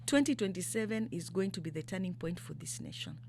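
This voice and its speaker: A woman's voice: on the low side, animated, quick pace, creaky, slight background noise. A Kenyan woman from the coast speaking as a political candidate in an interview. She talks emphatically, fires off rhetorical questions and switches between English and Swahili. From Kenya, Mombasa. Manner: grows louder and more fired up. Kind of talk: impassioned political interview talk.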